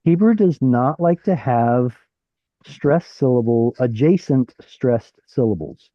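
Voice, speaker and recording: A man's voice: mid-range voice, animated, slow pace, dry recording, muffled recording. A man teaching an online Hebrew class, explaining while thinking aloud and asking his students questions. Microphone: video call.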